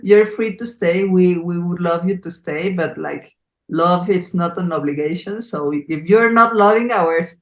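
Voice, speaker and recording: Slow-talking woman with a Mexico City accent. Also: fairly low pitch, roomy sound, low-quality recording. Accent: Mexico City Spanish. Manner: earnest, effusive, many fillers. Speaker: podcast host. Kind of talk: conversational interview.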